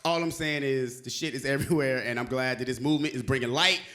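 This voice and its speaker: A young man from Alabama performing a stand-up comedy set on stage, shouting and singing his punchlines. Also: quick pace. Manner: animated, shouts and sings punchlines, high squeaky acted quotes.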